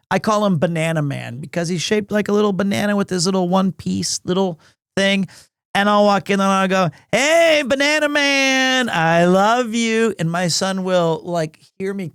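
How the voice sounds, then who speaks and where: A man's voice: high-pitched, steady tone, moderate pace, clear, resonant tone, dry recording, clean studio sound. A man hosting a game livestream, chatting casually in a gushing, rambling way and often repeating his words. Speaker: livestream gamer host. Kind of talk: casual stream chat.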